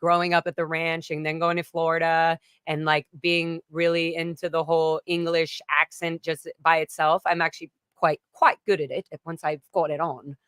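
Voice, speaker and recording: Woman singer being interviewed, lowish voice, swears a lot, dry close sound. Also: little pitch movement, normal speed, few pauses, fairly bright tone, smooth, dry recording. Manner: swears freely, slips into playful put-on voices. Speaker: guest singer. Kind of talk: casual interview chat.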